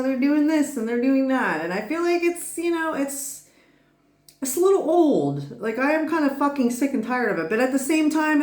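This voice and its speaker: A woman's voice: high voice, a little mellow, echoey room. A woman giving a casual tarot reading who rambles, laughs often and swears freely. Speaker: tarot reader.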